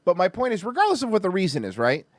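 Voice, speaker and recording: A man with a high voice that leaps up and down hosts a casual podcast chat. He tells stories in an animated, profane way, full of fillers and restarts. The sound is close and dry, with no room around it. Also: very fast, no room sound. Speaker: podcast host.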